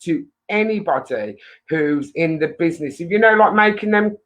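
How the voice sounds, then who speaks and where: A woman's voice: lowish voice, animated, moderate pace, poor audio. A woman hosting a casual live stream, chatting in a rambling way to viewers and laughing often.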